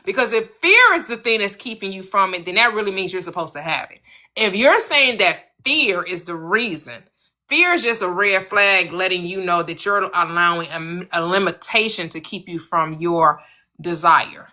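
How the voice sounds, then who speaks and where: Host type: American woman, bright, earnest motivational coach who repeats points for emphasis. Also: moderate pace. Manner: earnest, coaching, repeats phrases, lively swings in pitch. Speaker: manifestation channel host. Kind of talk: motivational spiritual talk.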